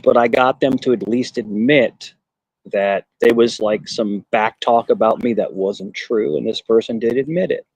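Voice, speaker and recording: A man's voice: mid-range voice, a little mellow, breathy edge, no room sound, poor audio. A man in a casual online panel talk, boastful and repetitive, often restarting his sentences. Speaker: panel guest. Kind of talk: heated casual debate.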